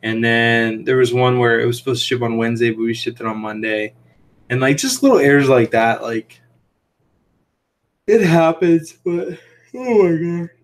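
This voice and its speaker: A man's voice: mid-range voice, a little fast. A man hosting a casual livestream from a home room lined with fish tanks, telling stories in a rambling way full of "like" and "um". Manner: chatty, tells anecdotes. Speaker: livestream host and aquarium shrimp seller.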